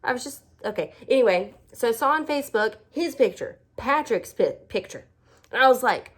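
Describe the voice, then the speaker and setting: A woman's voice: a little high, expressive, brisk, fairly bright tone. A young woman with a lilt tells a personal story in a loose, chatty vlog manner. She pokes fun at herself as she goes and acts out what the other people said. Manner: chatty, self-deprecating, acts out quoted voices. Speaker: vlogger. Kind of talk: casual storytelling.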